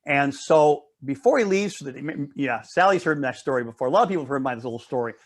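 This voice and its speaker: A man's voice: medium pitch, lively intonation, fast talker. A man leading a Bible study, teaching casually through a story and checking in with listeners often.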